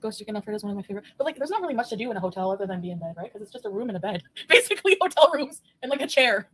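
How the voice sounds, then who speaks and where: A woman's voice: medium pitch, rapid-fire, warm tone, husky, no echo. A woman livestreaming, chatting casually and answering viewers with frequent giggles.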